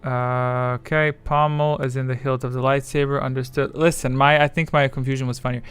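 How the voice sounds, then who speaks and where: A man's voice: mid-range voice, little pitch movement, fairly quick, fairly bright tone, clean tone. A man streaming live, rambling in casual chat, swearing freely and reading viewers' messages aloud.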